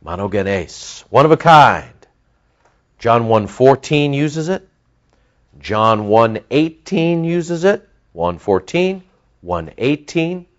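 Animated male preacher, lo-fi sound. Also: mid-range voice, takes it slowly. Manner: animated preaching with lively emphasis and asides. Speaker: pastor. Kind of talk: sermon.

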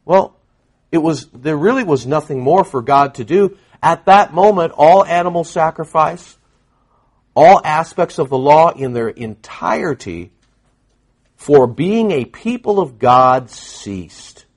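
A male pastor preaching a sermon, emphatic and animated, firing off rhetorical questions. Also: fairly high pitch, slow pace.

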